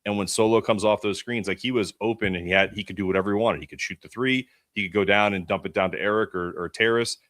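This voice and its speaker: A man's voice: fairly low pitch, steady tone, fast, few pauses, fairly bright tone, dry recording, studio quality. A man co-hosting a sports podcast, laid-back as he breaks down basketball plays. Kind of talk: casual sports podcast chat.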